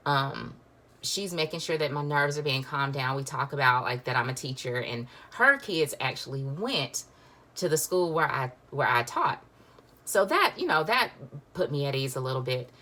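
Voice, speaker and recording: A woman's voice: deep voice, a bit bright. A woman, telling a personal story in a chatty, emotional way full of fillers. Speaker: vlogger.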